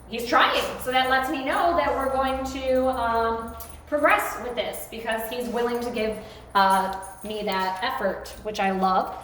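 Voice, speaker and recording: Woman, dog training lesson, slightly high voice, going hoarse, coaxing praise, echoey room, faint background noise. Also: fairly bright tone. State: voice getting hoarse.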